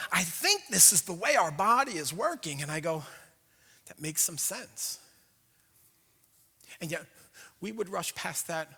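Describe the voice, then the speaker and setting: A pastor delivers his sermon in a high, very bright voice, chatting with the congregation and slipping into little acted-out inner voices. His words ring out with the long reverb of a church hall. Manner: animated, conversational, acts out inner voices. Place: church sanctuary.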